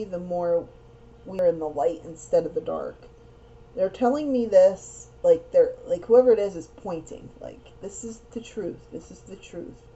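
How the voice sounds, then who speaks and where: A woman's voice: mid-range voice, dark tone. A young woman giving a casual tarot card reading, talking earnestly and rambling, often repeating words and phrases. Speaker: tarot reader. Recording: dull lo-fi sound with faint noise.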